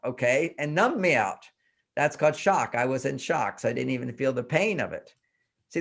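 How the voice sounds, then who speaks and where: Fairly high-pitched, an older man serving as a relationship expert on an interview show animatedly explains his ideas, emphasizing them and repeating phrases.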